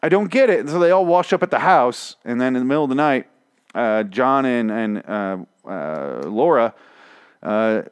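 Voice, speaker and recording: Young male recapper, rambly and foul-mouthed, mid-pitch voice on a dry close mic. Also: expressive, normal speed, clear, resonant tone, no echo. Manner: rambling and profane, with frequent restarts. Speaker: TV show recapper. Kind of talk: casual spoken recap.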